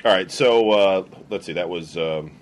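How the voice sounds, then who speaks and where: Deep-voiced rambling man. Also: normal speed, a little hiss or hum. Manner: rambling, hesitant with fillers. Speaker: podcast co-host. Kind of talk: casual chat.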